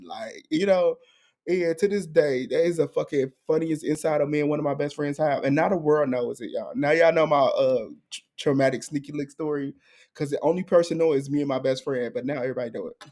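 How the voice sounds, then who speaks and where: A young man co-hosting a podcast, telling a story in casual chat and jumping into high, excited voices. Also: fairly quick. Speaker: podcast co-host.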